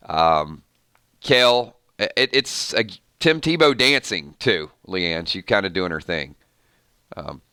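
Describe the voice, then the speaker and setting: A man's voice: on the low side, sharp tone, smooth, no room sound, studio quality. A man hosting a casual live stream with his morning voice, rambling through viewer comments with fillers and restarts. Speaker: YouTube channel host.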